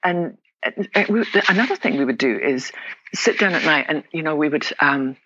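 A woman's voice: sits low, animated, normal speed, pushed and bright, lo-fi sound. A woman telling personal family stories as a guest in an interview, earnest and reflective, sometimes acting out what her family said. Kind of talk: personal storytelling in a podcast interview.

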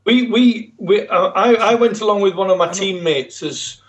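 A man's voice: high-pitched, moderate pace, a crowd in the background, low-quality recording. A man with a South Yorkshire accent, a former footballer chatting in an interview, good-humoured and often repeating words. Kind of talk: casual interview chat.

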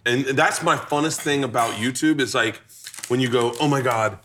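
A man in his forties hosting a cooking show, telling stories in a lively, joking way with some swearing. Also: mid-range voice, moderate pace, slight background noise. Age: 40s. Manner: animated storyteller, swearing, laughing. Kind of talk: casual chat. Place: kitchen on a show set.

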